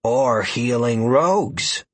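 A man voicing a laid-back, deadpan male priest healer with a folksy drawl. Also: medium pitch, a little slow, slightly rough, dry recording, voice pushed up.

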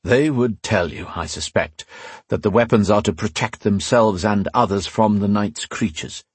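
A man's voice: fairly low pitch, breathy edge, no room sound. A man doing a grave, weary old ruler. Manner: grave, measured, sometimes growling.

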